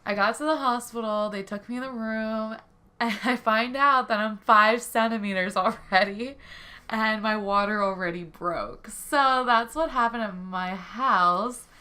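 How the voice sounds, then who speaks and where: Bright, clear-voiced young woman chatting. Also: a little high, a little slow. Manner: chatty, rambling, laughs easily. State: stuffy from a head cold then. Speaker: co-host telling a birth story. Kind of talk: casual storytime chat.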